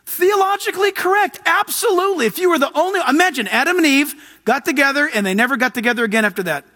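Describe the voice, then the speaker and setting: Man, high voice, preaching a sermon, emphatic, storytelling. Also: big-room sound. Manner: emphatic preaching, tells jokes and stories, rising to loud exhortation.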